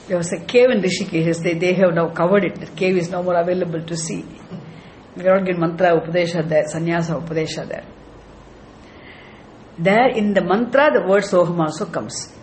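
A man's voice: fairly high pitch, slight background noise. A man teaching scripture as a spiritual teacher, emphatic and repetitive, with frequent chuckles. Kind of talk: scripture lecture.

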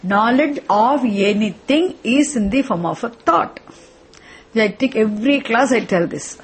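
Breathy woman teaching a scripture class. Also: a little high, a little slow. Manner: repetitive, questioning, restarts phrases. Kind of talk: classroom lecture.

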